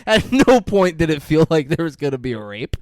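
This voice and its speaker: A young man with a fairly high, lively voice trades crude jokes with a friend on a podcast. He laughs a lot, swears freely and slips into goofy character voices, recorded dry and close on a studio mic. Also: fairly quick, no room sound. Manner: profane, laughing, jumps into silly put-on voices. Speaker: podcast co-host. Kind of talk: crude comedic movie-review banter.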